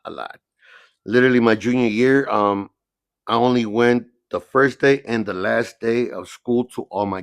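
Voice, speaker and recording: Streetwise man telling rough stories. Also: fairly low pitch, no room sound. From San Diego area. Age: middle-aged. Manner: streetwise, repeats "you know what I mean". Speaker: podcast guest. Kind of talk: casual storytelling, heavy cursing.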